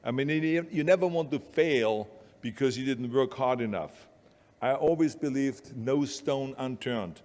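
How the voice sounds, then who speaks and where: A man's voice: mid-range voice, unhurried, darkish tone, in a large hall. An older man with an Austrian accent giving a blunt, emphatic motivational speech. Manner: emphatic, blunt, repetitive urging. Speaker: motivational speaker.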